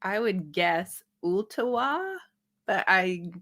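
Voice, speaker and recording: A woman's voice: mid-range voice, expressive, slow pace, fairly bright tone. A woman co-hosting a casual livestream, chiming in briefly and laughing often. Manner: laughs often, chimes in with short congratulations. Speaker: co-host.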